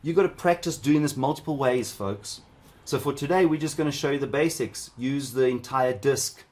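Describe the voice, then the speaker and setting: A man's voice: mid-range voice, normal speed, a little mellow. Chatty man teaching a hands-on tech workshop. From South Africa. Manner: chatty, rambling, with asides to viewers. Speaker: cybersecurity instructor.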